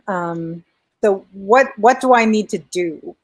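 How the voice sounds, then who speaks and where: Slow-speaking woman in a role-play. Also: medium pitch, poor audio. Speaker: player. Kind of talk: in-character tabletop role-play.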